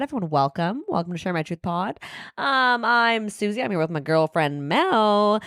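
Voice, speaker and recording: Lively playful woman podcast host. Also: medium pitch, no room sound, clean studio sound. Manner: playful and crude, swears freely. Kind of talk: casual podcast chat.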